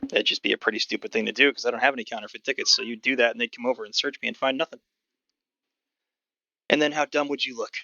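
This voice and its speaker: A man's voice: mid-range voice, fairly even intonation, quick pace, vocal fry, pushed and bright, no room sound, muffled recording. A man voicing an evasive carnival ticket scalper who denies everything and brushes people off. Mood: dismissive. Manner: denying, dismissive.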